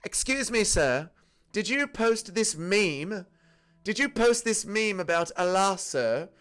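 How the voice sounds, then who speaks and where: A man's voice: high-pitched, animated, slow, a bit bright, smooth, pitched above the performer's own voice, exaggerated voice. A man voicing a stern male officer who questions someone with mock politeness.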